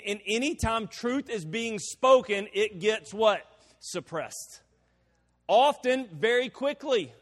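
High-voiced pastor preaching in a reverberant hall. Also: male voice, a bit bright. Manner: conversational, asks the crowd rhetorical questions. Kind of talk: sermon. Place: church hall.

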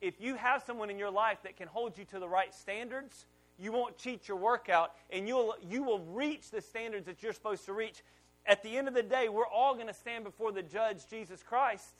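A middle-aged pastor with a fairly high voice preaches to his church congregation. He talks like he is telling a story to friends, then gets loud and pushes hard on his key points. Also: normal speed. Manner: conversational storytelling preacher, rising loud on emphasis. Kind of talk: sermon.

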